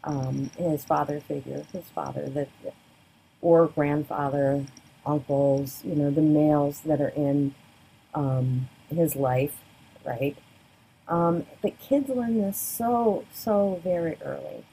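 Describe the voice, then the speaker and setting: A woman's voice: slow pace, creaky, mellow, slightly rough, low-quality recording. A woman giving a sociology lecture in a conversational way, often checking in with "right?" and acting out quoted voices. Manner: conversational, keeps asking "right?"; acts out quoted voices with big pitch jumps. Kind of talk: recorded lecture. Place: the Bay Area.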